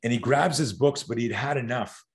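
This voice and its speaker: A man in his sixties telling stories as a podcast guest. He is animated and profane, and he acts out quotes. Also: medium pitch, moderate pace. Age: 60s. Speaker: self-defense expert guest. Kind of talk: podcast storytelling.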